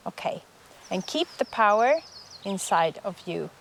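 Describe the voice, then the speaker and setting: Woman vocal coach, unhurried and patient teaching delivery. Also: mid-range voice, very animated, vocal fry, a bit bright, slight background noise. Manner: slow, patient explaining with sung and barked demonstrations. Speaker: folk singer and vocal coach. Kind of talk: workshop teaching.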